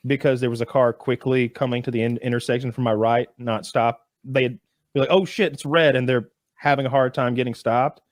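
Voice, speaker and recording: Animated man telling a story. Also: fairly quick, no echo, studio quality. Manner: animated storyteller who jumps high acting out voices. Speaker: podcast co-host telling a story. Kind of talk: casual storytelling chat.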